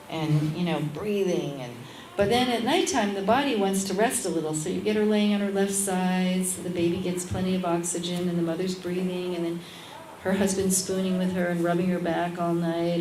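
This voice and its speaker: Animated woman midwife telling a story. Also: fairly low pitch, a little fast, roomy sound, far from the mic, slight background noise, poor audio. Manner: animated, acts out the voices in her stories. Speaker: midwife, interview guest. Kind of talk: lively anecdotal storytelling. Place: restaurant at a lunchtime public talk.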